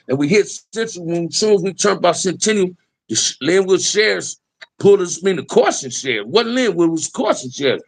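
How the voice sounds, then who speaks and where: Gravelly man telling street stories. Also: fairly high pitch. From Los Angeles area. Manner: streetwise, profane, addresses listener as man. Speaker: interviewee telling life stories. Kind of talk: casual storytelling.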